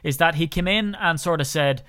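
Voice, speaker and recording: A man's voice: on the high side, normal speed, sharp tone, clear, resonant tone. An Irish man hosting a podcast in casual chat, talking in a chatty, ranting way that gets worked up. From Ireland. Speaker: podcast host.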